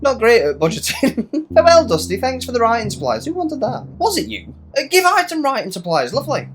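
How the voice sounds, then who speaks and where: A woman narrates a video game playthrough in a casual, playful way, swearing freely. Her pitch leaps and dips all over the place, and faint music sits under her voice. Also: sing-song, a little fast, fairly bright tone. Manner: playful, swears freely, reads characters aloud. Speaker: let's play host. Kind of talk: casual gameplay commentary.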